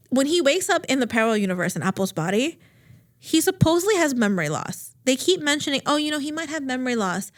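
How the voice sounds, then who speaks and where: A woman recapping a TV series on a podcast in casual, filler-heavy chat, swearing and acting out quotes. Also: a little high. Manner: chatty, lots of fillers, swears, animated quoting. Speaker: podcast co-host.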